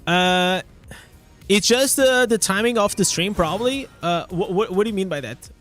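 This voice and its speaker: A man's voice: sits high, normal speed, a bit bright, faint music behind. A young man with a Portuguese accent chatting casually on a live stream, often restarting his words and swearing now and then.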